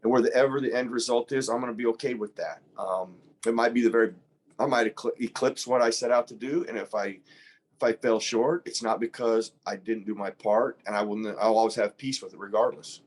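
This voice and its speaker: A man's voice: mid-range voice, fairly even intonation, a little fast. Earnest man telling a story. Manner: earnest, reflective, frequent restarts. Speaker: podcast guest, former pro football player. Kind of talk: storytelling in a podcast interview.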